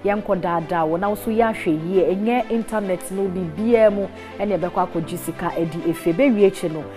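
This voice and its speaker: A woman's voice: medium pitch, normal speed, over music. A woman with a Ghanaian accent hosts a studio interview, asking her guest questions and nodding along with short affirmations. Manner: brief affirming backchannels, poses questions. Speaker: TV host.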